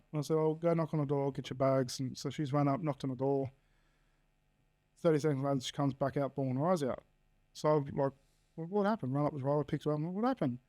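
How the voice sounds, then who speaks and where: Australian guy in his 30s, slightly high but mellow voice, blunt and profane guest storyteller. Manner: blunt, swears freely, acts out quoted dialogue. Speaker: podcast guest. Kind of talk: candid personal storytelling.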